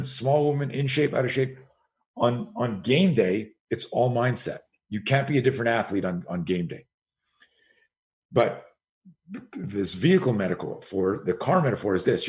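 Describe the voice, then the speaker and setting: A middle-aged man from Canada, a self-defense coach, speaking as a podcast guest in conversational storytelling, animated and profane, acting out quoted dialogue. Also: lowish voice.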